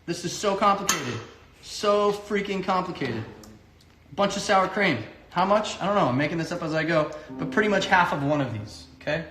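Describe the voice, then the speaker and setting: A man's voice: sits high, lively intonation, moderate pace, a bit bright, reverberant, a little hiss or hum. A man hosting a casual home cooking stream, talking loosely and correcting himself as he goes. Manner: loose, rambling, self-correcting. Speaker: home cooking show host and singer. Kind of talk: casual chat while cooking.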